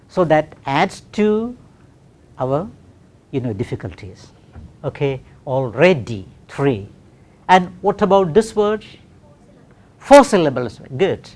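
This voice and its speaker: A man teaching English pronunciation in a classroom, slow and deliberate, repeating words for practice and checking in with "okay". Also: on the high side.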